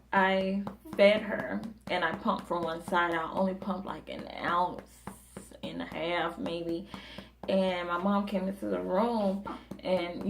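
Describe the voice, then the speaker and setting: Young mother chatting in a lower voice. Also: creaky, a little hiss or hum. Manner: chatty, many fillers and restarts, emotional retelling. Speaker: new mother vlogging. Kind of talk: casual personal storytelling.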